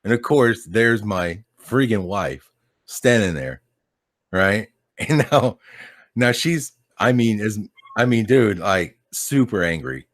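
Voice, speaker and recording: A man's voice: on the low side, animated, slow pace, no room sound, clean studio sound. A man in casual chat as a podcast guest, telling a story in a laid-back, rambling way, swearing and laughing often.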